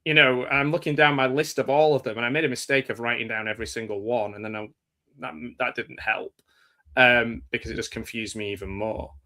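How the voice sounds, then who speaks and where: A man's voice: mid-range voice, fairly even intonation, fairly quick, bright, forceful tone. An English man co-hosting a casual horror-movie podcast, rambling through his thoughts with self-deprecating jokes. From England. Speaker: podcast co-host.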